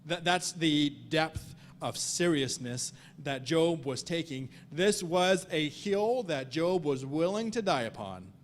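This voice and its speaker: A man's voice: on the high side, lively intonation, slow, a little hiss or hum. Earnest man teaching Sunday school Bible study. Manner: earnest, repeats words and restarts often; reads scripture aloud in old-fashioned wording.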